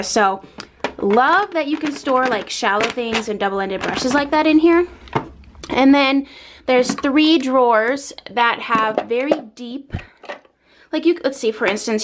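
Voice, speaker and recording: A young woman chatting casually as a beauty vlogger, gushing and telling stories in an animated way at her vanity. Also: a little high, a little hiss or hum. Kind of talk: casual chat. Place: home vanity area.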